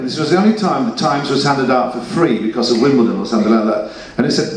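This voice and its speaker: A man's voice: mid-range voice, quick pace, hardly any pauses, far from the mic. Man telling stories in an echoey hall. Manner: rambling, chuckling storyteller. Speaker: panel guest. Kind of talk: convention Q&A anecdote. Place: convention hall. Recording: echoey hall, mic heard from afar.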